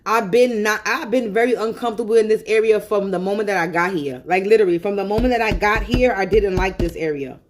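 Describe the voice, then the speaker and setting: A woman's voice: medium pitch, fast talker, few pauses. A woman on a phone livestream, venting angrily in a profane, repetitive rant. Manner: angry, profane and repetitive ranting.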